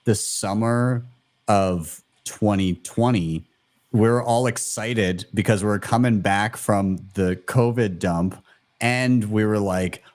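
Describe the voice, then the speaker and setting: A man's voice: lowish voice, takes it slowly, darkish tone, no room sound. A man hosting a casual live panel chat, joking and laughing often between questions. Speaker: host of a live audio stream.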